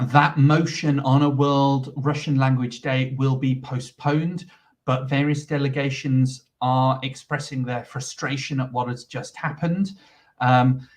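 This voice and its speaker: A livestream commentator, male, with a medium-pitched, somewhat dark voice picked up by a distant mic. He explains what's going on in a proceeding, filling time while he waits for it to move forward.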